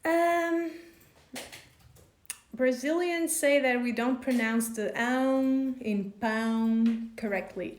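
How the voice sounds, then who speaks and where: A woman teaches on a live stream, speaking very slowly in a slightly high voice. She answers viewer questions patiently and stretches out example words so each sound is clear. Her voice rings in a roomy, echoey space. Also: slight background noise. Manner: slow, patient, over-pronounces example words. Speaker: language teacher.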